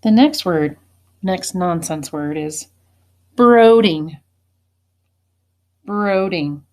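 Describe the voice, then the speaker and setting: Woman teacher, low-pitched, reads out a spelling test slowly and patiently, saying each word twice. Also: a little mellow. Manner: slow, deliberate, repeats each word. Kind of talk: slow spelling dictation.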